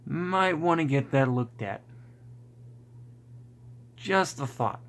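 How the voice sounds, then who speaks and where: A man's voice: on the high side, expressive, takes it slowly, fairly bright tone. A man hosting a casual livestream, rambling and restarting his sentences, often close to laughing. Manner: rambling, self-interrupting, often breaking into laughter. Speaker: YouTube channel host on a livestream.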